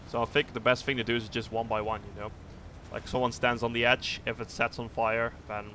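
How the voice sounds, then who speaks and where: A man streaming a tank game live, thinking aloud in a rambling, relaxed way and swearing casually as he sets up a test with viewers. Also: mid-range voice, a little fast, a little hiss or hum. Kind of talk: casual livestream commentary.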